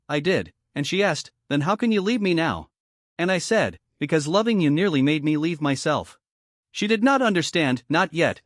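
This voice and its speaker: A man tells a dramatic first-person story in a steady, even narrating voice. His pitch sits a little high for a man. The recording is dry and close, with no room sound. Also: no room sound.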